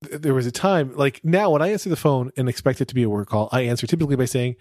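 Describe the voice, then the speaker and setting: Fast-talking man telling stories. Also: medium pitch, dry recording, clean studio sound. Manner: animated storyteller, acts out quotes. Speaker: podcast co-host. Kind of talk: casual chat.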